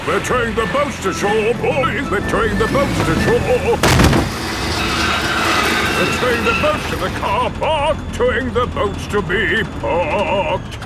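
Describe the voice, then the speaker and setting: Grampy Rabbit, a jolly old rabbit. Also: male voice, high voice, expressive, slow pace. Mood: cheerful. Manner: jolly, bouncy, sing-song. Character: cheerful boastful elderly male rabbit inventor. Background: cartoon music.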